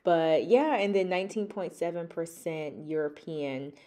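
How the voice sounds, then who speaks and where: A woman's voice: lowish voice, measured pace, mellow. A woman vlogging in a casual, chatty way, talking straight to her viewers as y'all. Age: adult with children. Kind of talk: casual chat to camera.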